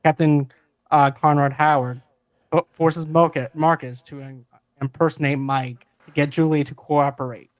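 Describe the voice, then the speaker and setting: A man with a somewhat high voice hosts a casual film chat, walking through the plot with lively quotes from the characters. The sound is close and dry. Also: normal speed, dry recording. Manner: lively plot recap, laughing, quoting characters. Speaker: podcast host. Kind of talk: casual movie review chat.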